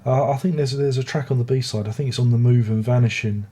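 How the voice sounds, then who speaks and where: A man's voice: mid-range voice, steady tone, fast talker, dark tone, slightly rough. An older British man reviewing an album in a casual, rambling way, often restarting his sentences and making chatty asides. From Britain. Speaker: music reviewer.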